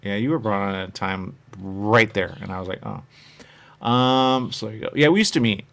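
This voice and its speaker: A man's voice: on the low side, brisk, creaky, a bit bright. Rambling chatty male host. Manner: meandering, chatty, acts out quoted voices. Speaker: show host. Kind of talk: rambling casual chat.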